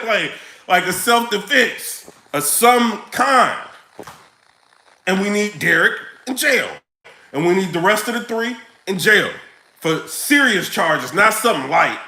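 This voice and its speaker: A man ranting casually to camera in his vlog, animated, full of slang and laughing often. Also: sits high, reverberant, poor audio. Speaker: vlogger.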